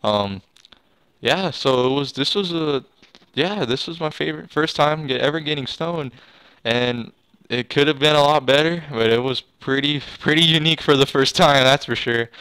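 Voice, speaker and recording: A man's voice: on the high side, normal speed, bright, forceful tone, clean tone, no room sound, low-quality recording. A young man vlogging, telling a story in a rambling, casual way with lots of restarts and swearing.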